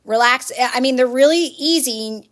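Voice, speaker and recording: High-voiced woman coaching her live viewers. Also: a little slow, a bit bright. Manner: earnest, repetitive coaching, speaking straight to viewers. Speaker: livestream host. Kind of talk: casual motivational talk answering viewers. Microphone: phone livestream.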